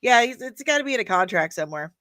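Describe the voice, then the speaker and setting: A woman's voice: a little high, animated, fast talker, a bit bright, no room sound. A woman hosting a casual commentary show, blunt and sarcastic, swearing freely. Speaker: host.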